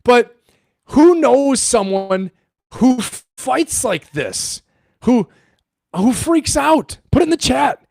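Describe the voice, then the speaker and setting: A man's voice: very high voice, very animated, slow pace, creaky, darkish tone, no room sound, studio quality. A middle-aged man hosting a livestream, telling a story in a rambling, profane way and laughing often. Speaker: livestream host and coach.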